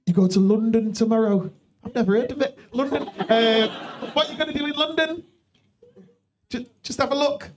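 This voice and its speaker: A man's voice: very high voice, moderate pace, noisy background. A male stand-up comedian doing crowd work on a comedy club stage, rambling and teasing, often cutting himself off mid-sentence. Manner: rambling, teasing, self-interrupting.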